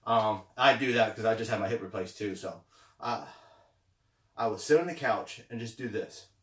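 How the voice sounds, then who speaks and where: A man's voice: fairly low pitch, moderate pace, a bit bright, recorded from a distance. Encouraging man giving a roomy pep talk. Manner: encouraging, repeats phrases, frequent okay and right. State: slightly winded. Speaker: motivational vlogger. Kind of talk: casual motivational pep talk. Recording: roomy sound, away from the mic.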